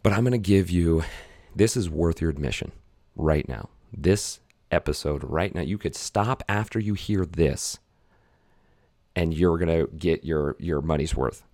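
A man hosting a podcast, explaining an idea in an energetic, conversational way and acting out short dialogues as examples. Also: low voice, measured pace, no echo, studio quality. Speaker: podcast host. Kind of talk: casual teaching monologue.

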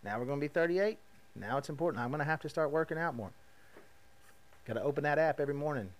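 A man, hosting a podcast and telling a lively story about his own life, acting out the other voices. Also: fairly high pitch, fast. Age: 30s. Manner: animated, acts out quoted voices, laughs at himself. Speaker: podcast host, rodeo roper. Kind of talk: casual storytelling monologue.

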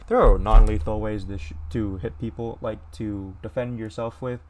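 A young American man hosts a casual solo podcast, reading a news story aloud and ranting about it bluntly, profanely, and with many restarts and mocking voices. His voice is fairly low, a little fast, and hardly pauses.

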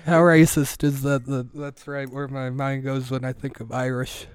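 A man's voice: medium pitch, level tone, moderate pace, clean tone, no echo. A man co-hosting a comedy podcast, chatting casually and joking around in a laid-back way. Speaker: podcast co-host.

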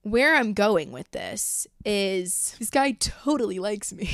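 A woman's voice: mid-range voice, lively intonation, takes it slowly, no room sound, clean studio sound. A young woman in her twenties hosting a podcast, talking casually in a blunt, profane, chatty way. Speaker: podcast host. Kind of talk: casual chat.

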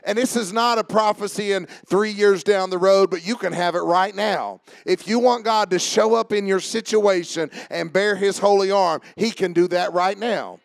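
Starting quiet and conversational, this male pastor's sermon builds into shouting as he calls on church members by name. His tone is steady and creaky, at normal speed with few pauses, and the recording has no echo.

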